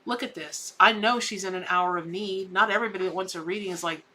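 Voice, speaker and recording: A woman's voice: on the low side, fast talker, sharp tone, slight background noise. A middle-aged woman with a Southern US accent, giving effusive, folksy tarot readings on a live stream and calling viewers honey and baby. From American South. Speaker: tarot reader hosting a live charity stream.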